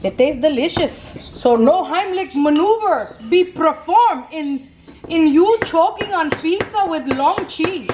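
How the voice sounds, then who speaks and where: A woman with a high voice hosts a cooking video from her kitchen. She talks loudly and playfully, rambling from one sassy joke to the next. There is plenty of noise from the home kitchen around her. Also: expressive, unhurried. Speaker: cooking vlog host. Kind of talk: casual kitchen chat. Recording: noisy home kitchen recording.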